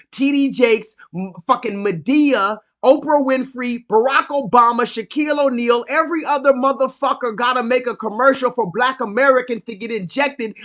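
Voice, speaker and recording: A man's voice: very high-pitched, pushed and bright. A man hosting a live call-in stream, ranting and telling a story with emphatic, profane repetition.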